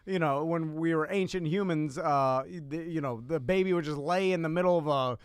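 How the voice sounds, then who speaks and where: Man, hesitant rambling host, smooth clear voice, dry room. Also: fairly high pitch, moderate pace, no echo. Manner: rambling, hesitant, laughs along. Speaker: podcast co-host. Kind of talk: casual chat.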